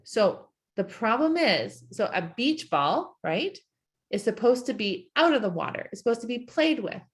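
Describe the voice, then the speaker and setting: A woman's voice: fairly high pitch, sing-song, normal speed. A woman life coach giving a live-streamed coaching talk, encouraging and asking her audience many questions.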